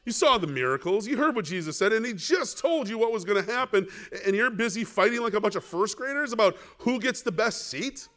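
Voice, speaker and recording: A male pastor preaches in a high-pitched voice that runs a little fast with few pauses. He's lively, asking the congregation rhetorical questions and acting out the figures from the Bible story.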